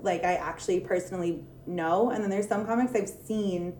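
A woman's voice: fairly low pitch, normal speed, darkish tone, roomy sound. A woman co-hosting a casual podcast chat, easygoing and agreeable, often trailing off with "um".

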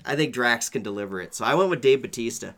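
A man's voice: mid-range voice, animated, fast, a bit bright. Easygoing man in casual movie talk. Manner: easygoing, laughs often. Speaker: podcast co-host.

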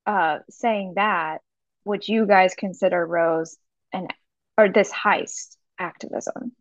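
A woman's voice: on the low side, fairly even intonation, slow, no room sound. A woman co-hosting a book podcast, chiming in briefly and agreeably. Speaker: podcast co-host. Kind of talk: casual book club chat. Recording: dry, muffled lo-fi mic.

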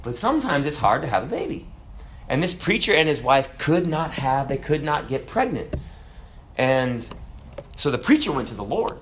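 A man delivers a sermon with an animated, emphatic energy. His voice has a bright, forceful edge. He keeps the talk conversational, throwing questions out to his listeners. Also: a little high, moderate pace, a little hiss or hum. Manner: conversational, asks the audience questions. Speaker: preacher.

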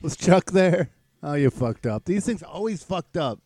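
A man with a high, very lively voice makes joking, sweary comments on a film as a podcast host. His voice sounds close and dry, with no room echo. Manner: jokey, profane, quick with laughs. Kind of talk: casual movie commentary.

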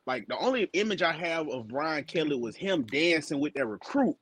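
A man co-hosting a casual sports podcast, talking in slangy, animated banter and mimicking the people he quotes. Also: fairly high pitch, normal speed, slightly rough, no room sound. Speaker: podcast co-host.

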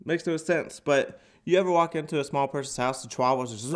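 Speaking a little high and at a quick pace, a podcast host and stand-up comic performs a crude, sarcastic bit. He's stuffy and nasal with a cold, and the room is an echoey open office.

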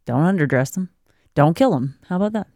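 A woman's voice: fairly low pitch, lively intonation, a little fast, dark tone, no echo, clean studio sound. A woman co-hosting a casual podcast, reading parenting advice aloud and breaking off into laughing asides. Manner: reads aloud then riffs with laughing asides. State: expecting a baby. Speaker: podcast co-host.

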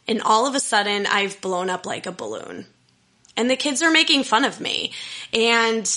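A woman's voice: medium pitch, sharp tone. A young woman telling a candid personal story in an earnest, emotional, self-deprecating way. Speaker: storyteller sharing personal history.

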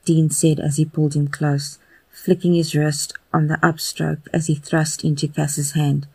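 Fan fiction podcast narrator; slow and husky, dark, dry recording. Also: mid-range voice, dry recording. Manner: slow, even, intimate reading. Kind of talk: audio fan fiction reading.

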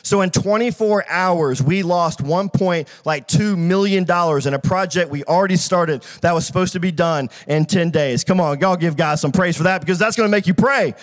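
Pastor preaching a humorous sermon: a man with a high voice who talks fast, restarts often and calls out to the crowd. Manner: humorous storytelling with audience call-outs; fast, filler-heavy delivery with frequent restarts.

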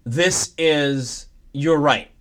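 Animated man with a faint background hiss. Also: a little high, extremely slow. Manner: animated, repeats himself, addresses listeners as guys. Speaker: podcast co-host. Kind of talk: casual chat.

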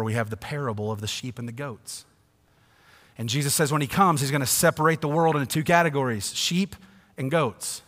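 Preaching man in a reverberant hall. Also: medium pitch. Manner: swings from hushed to loud, emphatic. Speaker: pastor. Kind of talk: sermon. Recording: long reverb of a church hall.

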